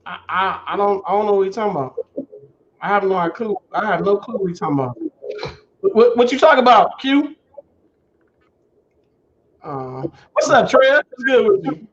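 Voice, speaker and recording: High-voiced guy running a chill livestream, aave, shouting out viewers, muffled lo-fi stream sound. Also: lively intonation, moderate pace, pauses often, slight background noise. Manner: loose, laughing, greets viewers by name. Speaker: livestream host. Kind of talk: casual livestream chat. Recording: dull lo-fi stream audio.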